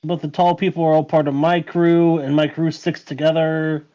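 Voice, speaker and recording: A man's voice: on the high side, little pitch movement, normal speed, warm tone, highs cut off. A man playing a tabletop game, negotiating in character in a hesitant, polite way. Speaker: player.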